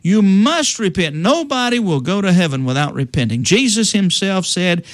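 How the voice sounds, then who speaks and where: A man's voice: high-pitched, big pitch swings, moderate pace, no echo, studio quality. A middle-aged man explaining salvation in a conversational teaching style, often restarting sentences and quoting scripture in old-fashioned wording. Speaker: preacher.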